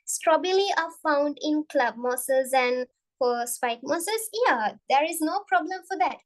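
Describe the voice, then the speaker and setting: A woman's voice: high-pitched, lively intonation, unhurried, poor audio. A young woman giving a biology revision lesson, often repeating and restarting her phrases. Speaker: biology tutor.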